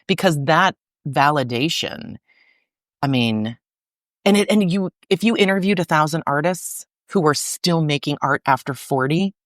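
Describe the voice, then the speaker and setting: A middle-aged woman talking as a podcast guest about her arts organization, in a chatty, animated way full of fillers. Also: low-pitched, normal speed, dry recording, clean studio sound. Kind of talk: casual interview conversation.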